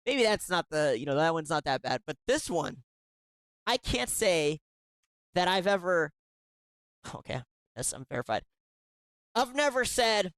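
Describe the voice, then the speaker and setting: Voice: medium pitch, very animated, a little slow, long pauses, fairly bright tone, no room sound. A commentary show host reacting to emails read aloud, sarcastic and indignant, often restarting sentences.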